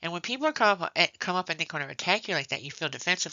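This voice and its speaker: A low-pitched woman teaching a nursing class in a relaxed, conversational way, pausing to ask "okay?" and weaving in stories from the ward. Her voice has a bright, forceful edge. The recording is dry and a little dull and muffled. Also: no room sound. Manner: conversational, checks in with "okay?", tells work stories. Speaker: nursing instructor. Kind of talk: classroom lecture.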